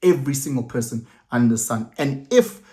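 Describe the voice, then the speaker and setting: Animated South African man giving his opinions. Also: mid-range voice, a little fast. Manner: animated, repeats words and restarts, mixes in Zulu phrases. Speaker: vlogger commenting. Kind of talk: casual opinion monologue.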